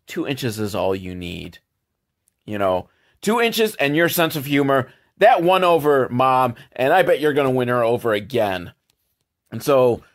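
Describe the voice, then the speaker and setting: A man giving a crude, sarcastic comedic recap of a movie, swearing freely and jumping up in pitch for emphasis. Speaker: movie commentator.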